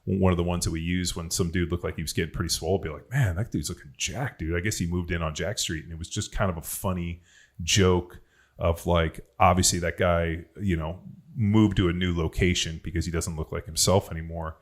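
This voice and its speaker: Man, very low voice, podcast chat, rambling, swears a lot, storytelling. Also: steady tone, a little fast. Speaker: podcast host, former NFL player.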